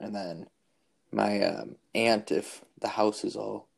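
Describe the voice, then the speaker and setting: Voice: low voice, fairly even intonation, slow, creaky, breathy edge. A co-host in casual chat, mostly reacting with short interjections. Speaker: podcast co-host.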